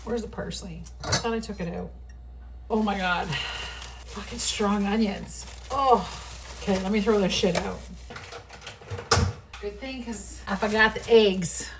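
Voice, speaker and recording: A middle-aged woman chats away while she cooks, swearing freely and talking straight to the camera. Her voice comes from a phone on a tripod across the kitchen, a little distant and set against steady background noise. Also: mid-range voice, unhurried, long pauses. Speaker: home cooking vlogger. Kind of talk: casual kitchen vlog chat. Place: home kitchen.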